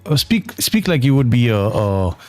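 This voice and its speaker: A man's voice: medium pitch, big pitch swings, moderate pace, a little mellow, faint music behind. A man co-hosting a casual panel chat, playfully prodding the host with questions.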